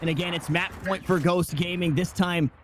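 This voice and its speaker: A man casting an esports match with play-by-play commentary, talking in excited bursts with frequent restarts. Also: high-pitched, normal speed, noisy background. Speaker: esports caster.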